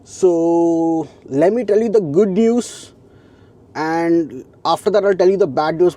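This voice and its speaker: A man's voice: on the high side, dark tone. A young adult man vlogging casually from his truck cab, talking in a rambling, chatty way with many fillers and restarts. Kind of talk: casual vlog chat.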